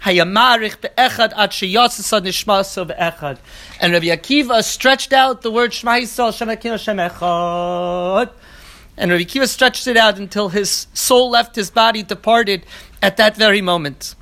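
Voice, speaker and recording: An earnest teacher leads an evening Talmud class in a middle-pitched voice. Each passage is quoted in the original and then translated piece by piece, with restated phrases stacking up. Now and then the speaker pauses on a hesitant filler while searching for the right word. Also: sharp tone. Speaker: Torah teacher.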